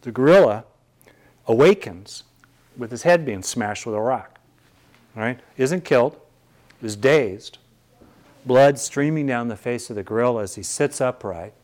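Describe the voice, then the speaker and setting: A man's voice: mid-range voice, darkish tone. Thoughtful man giving a teaching talk. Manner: thoughtful, searching, with restarts. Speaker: meditation teacher.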